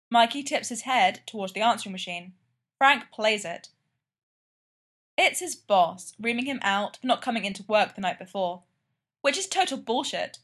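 A woman narrating fan fiction aloud in a plain, even way. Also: fairly high pitch. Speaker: reader.

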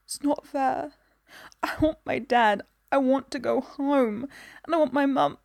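A woman's voice: high-pitched, unhurried, vocal fry, darkish tone, dry recording, clean studio sound, voice pushed up. A woman voicing a tearful grieving girl. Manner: wobbling, pleading.

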